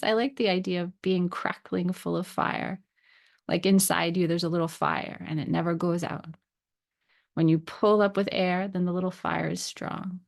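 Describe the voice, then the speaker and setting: A woman podcast host gently narrating a scripted personal story, voicing the dialogue she quotes. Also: fairly low pitch, creaky.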